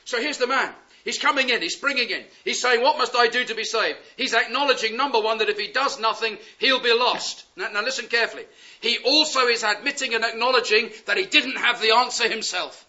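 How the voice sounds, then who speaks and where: A man preaching a sermon, impassioned and pleading, swinging from loud urgent appeals to hushed words. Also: very high-pitched, a little fast. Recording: dull lo-fi sound.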